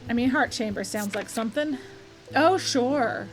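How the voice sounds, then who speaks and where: Young woman streamer thinking out loud over a puzzle game, slightly high voice, game music going. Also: a little slow. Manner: chatty, thinks aloud, reads text aloud with self-corrections and laughs. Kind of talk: game let's play commentary. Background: background game music.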